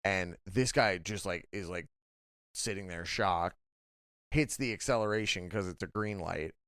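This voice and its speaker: A young man co-hosts a late-night podcast, chatting casually and rambling through his stories with lots of filler and swearing. His voice sits low and comes through smooth and resonant. The close mic keeps it dry, with no room sound. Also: a little slow, fairly bright tone, no room sound. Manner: rambling storytelling full of "like" and swearing. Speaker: podcast co-host.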